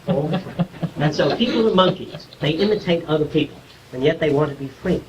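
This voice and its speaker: A man's voice: on the high side, fairly quick, highs cut off, noisy background. Distant archival lecture, man explaining. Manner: conversational, explanatory, asks listeners if they follow. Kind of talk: informal lecture to a small audience.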